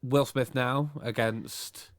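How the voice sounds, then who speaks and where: A man's voice: mid-range voice, steady tone, slow, dry recording, studio quality. A man co-hosting a casual podcast chat, rambling and correcting himself as he goes. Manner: rambling, easygoing, self-correcting. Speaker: podcast co-host.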